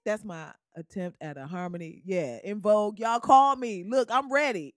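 In her casual solo podcast, recorded at home on a podcast mic, a woman talks animatedly with a medium-pitched voice, lively intonation, a moderate pace, and few pauses. She laughs often and breaks into snippets of song, and the recording is dry and clean like a studio.

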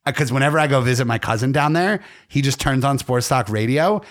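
A man's voice: mid-range voice, fast. A man hosting a podcast, chatting loosely and joking, swearing freely. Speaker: podcast host. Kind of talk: casual podcast banter.

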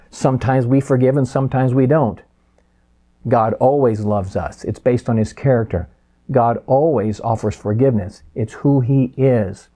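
A pastor delivering a sermon, emphatic and slowing down for key phrases. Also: male voice, mid-range voice, warm tone.

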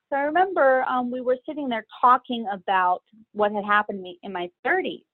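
A middle-aged woman speaks as a guest, recounting her own experiences in a candid, hesitant way full of pauses and fillers. Her voice sits a little high. It comes through a thin, phone-like line with no room sound at all. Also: expressive, no echo. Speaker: guest sharing personal story. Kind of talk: candid personal storytelling. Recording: tinny phone-like line, dry.

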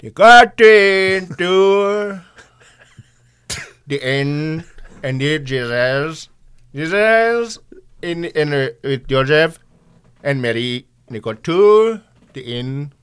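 A man imitating an earnest parish priest with an Indian accent, preaching in a slow, halting, sing-song way. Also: fairly high pitch, expressive, a bit bright, smooth, pitched above the performer's own voice, heavily acted.

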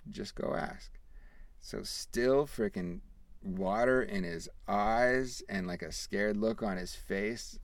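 A man in his thirties hosting a podcast, telling a family story in a rambling, animated way, acting out the quoted dialogue. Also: fairly low pitch, vocal fry, no room sound. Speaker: podcast host. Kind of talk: casual storytelling.

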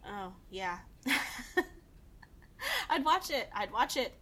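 A woman's voice: a little high, sing-song, drawn-out words, pushed and bright. A woman co-hosting a podcast in casual chat, gushing with enthusiasm and laughing often. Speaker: podcast co-host.

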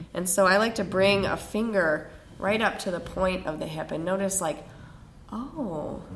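A woman leads a yin yoga class and gives soothing cues. She speaks very slowly, at a mid pitch. Her voice rings in a roomy space over a faint background hum. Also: a bit bright. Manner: slow, soothing spoken cues. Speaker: yoga teacher. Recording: roomy echo with faint ambience.

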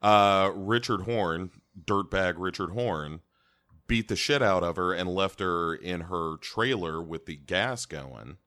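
Man, podcast co-host, lowish forceful voice, deadpan rambler. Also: slow. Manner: deadpan, rambling with many fillers. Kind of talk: casual chat.

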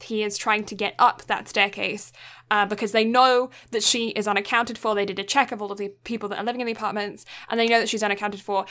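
A woman's voice: medium pitch, bright, forceful tone. A young woman co-hosting a podcast, retelling a film's plot in a chatty, casual way with lots of fillers. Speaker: podcast co-host. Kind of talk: casual film recap.

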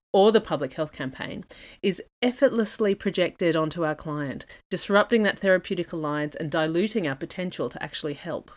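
Lower-pitched woman, measured podcast lecturer. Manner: measured, methodical, list-like delivery. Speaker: dietitian and podcast host. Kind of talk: scripted educational podcast narration.

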